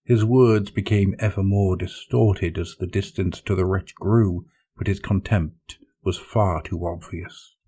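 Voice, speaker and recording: A man narrating dramatic science fiction in a measured storytelling manner. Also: sits low, fairly even intonation, dark tone, slightly rough.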